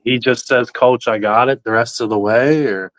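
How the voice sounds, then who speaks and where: A man's voice: medium pitch, fairly even intonation, normal speed, crowd noise. A man calling in to a sports show, talking in a loose, profane, rambling way. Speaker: caller. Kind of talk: casual call-in chat.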